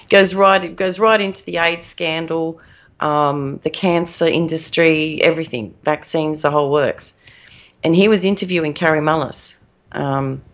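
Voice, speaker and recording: A woman co-hosting a podcast in casual chat, rambling and emphatic, laughing at her own points. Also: sits low. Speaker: podcast co-host. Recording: dull lo-fi audio.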